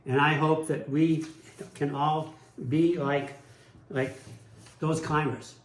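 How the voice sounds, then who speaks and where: A man's voice: on the high side, fairly even intonation, takes it slowly. A man preaching a sermon as pastor, telling personal stories in an earnest way. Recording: roomy echo.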